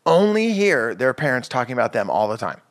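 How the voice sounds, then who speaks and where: A man's voice: medium pitch, big pitch swings, fairly quick. A man hosting a parenting podcast in casual chat, rambling and interrupting himself. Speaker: podcast host.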